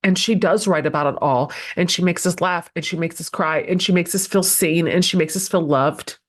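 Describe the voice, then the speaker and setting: Woman, podcast host, forties, low-pitched, gushing, emotional, halting restarts. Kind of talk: heartfelt guest introduction.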